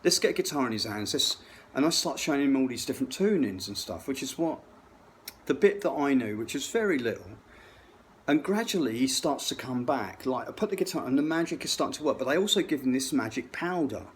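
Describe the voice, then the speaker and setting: A man's voice: mid-range voice, big pitch swings, fairly quick, a little hiss or hum. A middle-aged man telling a rambling, profane story, full of restarts. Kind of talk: rambling anecdote.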